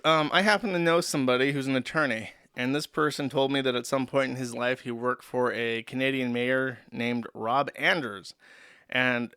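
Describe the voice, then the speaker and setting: A man hosts a livestream with a bright, forceful voice that comes through smooth and crisp. He rambles in a sarcastic, profane, joking way, close on a desk mic with a dry sound and no room around it. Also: mid-range voice, no room sound. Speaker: streamer host. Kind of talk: livestream commentary.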